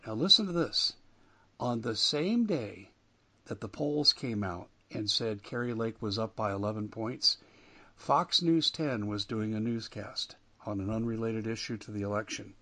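A man's voice: on the low side, normal speed, sharp tone. A man hosting a talk radio show, delivering an emphatic monologue that rises and falls with indignation. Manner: emphatic, rising and falling with indignation.

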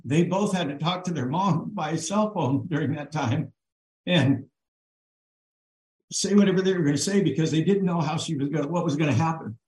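Man, earnest, halting, fillers, echoey room. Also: fairly high pitch, darkish tone. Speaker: guest on a livestream. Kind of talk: emotional personal account.

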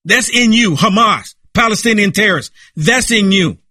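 A man's voice: high-pitched, animated, normal speed, sharp tone, no echo, studio quality. A man giving impassioned political commentary in an emphatic, repetitive, preaching way.

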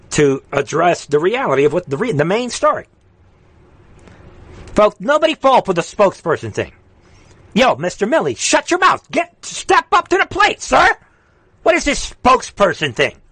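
A man hosting a live political stream, ranting and taunting, with sudden loud jumps up in pitch. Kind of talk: heated political commentary.

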